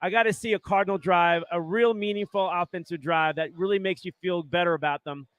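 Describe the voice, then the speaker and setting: Sports podcast host, male, high voice, dry close sound, rambling and excitable. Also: brisk, dry recording. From Arizona. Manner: excitable, rambling, says "right?" often. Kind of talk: casual sports chat.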